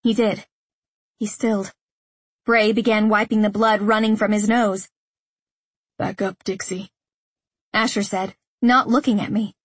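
A woman reading a first-person romance audiobook in a steady, intimate way. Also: medium pitch, normal speed, slightly rough, no echo. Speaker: audiobook narrator.

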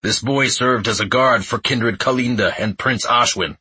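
A man's voice: mid-range voice, normal speed, pushed and bright, husky, no room sound. A man voicing a stern male general who gives curt orders.

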